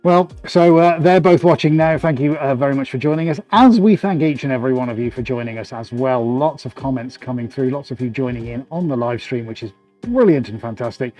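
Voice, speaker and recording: Indoors in his art studio, a man hosts a live painting stream, chatting, joking and laughing often as he works, with faint music behind him. His mid-range voice is brisk and darkish, suited to casual live-stream commentary.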